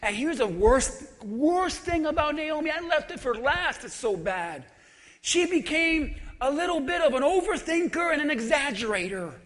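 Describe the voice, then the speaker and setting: A male pastor preaching an animated, humorous sermon that swings between shouting and quiet talk. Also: extremely high pitch, normal speed. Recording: long reverb of a large hall.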